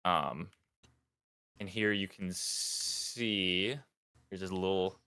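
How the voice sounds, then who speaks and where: A man with a low, bright voice narrates as dungeon master of a tabletop game. He talks haltingly, with frequent ums and restarts, and slips into character voices along the way. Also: clear, resonant tone. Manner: hesitant, lots of ums, voices characters in passing.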